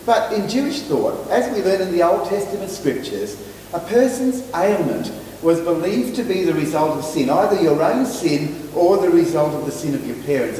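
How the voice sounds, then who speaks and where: An Australian man preaching a sermon as minister, measured and stumbling over his words now and then. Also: fairly high pitch, mellow, slight background noise. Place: church hall. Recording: echoey church hall from far off.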